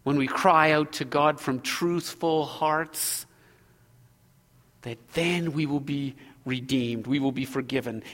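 A man preaching a sermon as pastor, earnest, moving between loud exhortation and hushed prayer. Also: fairly high pitch, long reverb tail.

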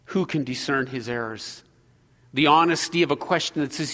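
A man preaching a sermon as pastor, earnest, moving between loud exhortation and hushed prayer. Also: on the high side, a little fast, big-room sound.

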